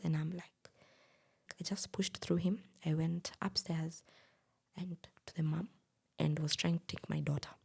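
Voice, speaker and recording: A young Kenyan woman co-hosting a podcast, recounting a personal story in a hushed, breathy way. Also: low voice. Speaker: podcast co-host.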